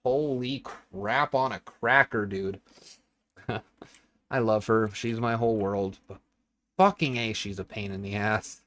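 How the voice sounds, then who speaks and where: A man's voice: lowish voice, slow, a bit bright. Blunt, rambling young man streaming. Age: young adult. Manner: blunt, rambling, swears a lot, talks to chat and his cat. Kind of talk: casual livestream chat while gaming. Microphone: desk microphone.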